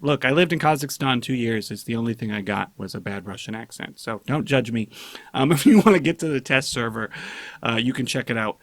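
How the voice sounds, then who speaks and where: A man's voice: mid-range voice, a little fast, no room sound. A man hosting a gaming channel, casually going over patch notes and joking with his viewers. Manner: chatty, joking, reads patch notes aloud. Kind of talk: casual gaming news commentary.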